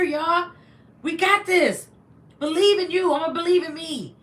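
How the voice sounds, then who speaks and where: A woman hosting a casual livestream, greeting viewers by name and giving motivational talk. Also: normal speed. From from mixed German and Latin family. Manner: laughs often, lively swings in pitch. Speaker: livestream host.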